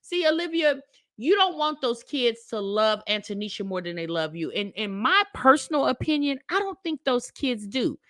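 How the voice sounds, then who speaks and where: A woman hosting a reaction video, commenting on a played clip in a sassy, mocking way with loud outbursts. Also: fairly high pitch, big pitch swings, normal speed, no room sound, studio quality.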